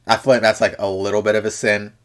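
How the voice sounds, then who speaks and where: A man's voice: fairly low pitch, little pitch movement, quick pace, a bit bright. A man hosting a reaction video, making casual joking comments full of fillers and mock-serious rants.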